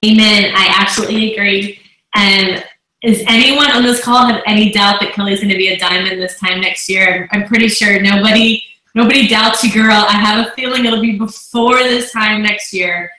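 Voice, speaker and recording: A woman's voice: mid-range voice, steady tone, normal speed, bright, forceful tone. A woman hosting a team conference call, introducing speakers with gushing, emotional praise. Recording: very echoey room on a call.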